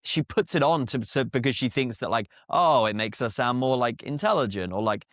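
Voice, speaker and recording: A British man talks as a podcast guest, blunt and rambling, full of "like" and quick asides. His voice sits at an ordinary middle pitch. The recording is close and dry, with no room sound. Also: expressive, dry recording. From Britain. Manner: blunt, chatty, frequent filler words and laughs. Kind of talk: casual conversational interview.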